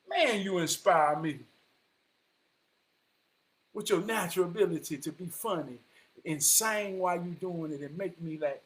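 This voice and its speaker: High-pitched preachy man giving life advice. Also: a little slow, long pauses. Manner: preachy, repeats "I promise you", rises to shouting. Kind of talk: impassioned motivational monologue.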